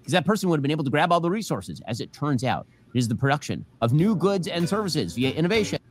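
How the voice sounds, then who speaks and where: A male commentator argues his points quickly and combatively, with a sarcastic bite. His voice sits a little high and swings widely in pitch. A faint hiss sits under the clip. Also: sing-song. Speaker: political commentator. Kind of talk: opinionated commentary.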